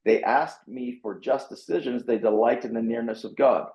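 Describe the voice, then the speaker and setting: A male pastor, mid-pitched, retells a passage of scripture in lively conversation and playfully acts out his own inner responses. His voice rings in a roomy, echoing space. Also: moderate pace. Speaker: pastor and author, guest. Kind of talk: animated conversational storytelling, reading scripture aloud.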